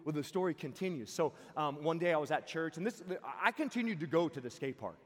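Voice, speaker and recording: A man giving an energetic sermon full of personal stories, his voice ringing in a large hall. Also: a little high, fast talker. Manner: energetic, shifts into loud excited voices for quotes. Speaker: youth camp speaker. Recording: long reverb of a large hall.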